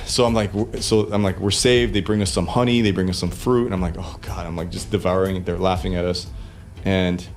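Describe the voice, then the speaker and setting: A man's voice: sits low, level tone, fast talker, darkish tone. A man in his forties telling a casual anecdote in a loose, profane way, laughing easily. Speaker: guest storyteller in a played clip.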